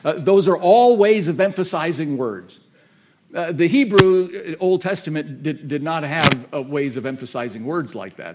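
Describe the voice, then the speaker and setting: A pastor with a slightly rough, somewhat high voice preaches a sermon from notes on an iPad. He uses folksy asides and emphatic repetition, often rambling off topic.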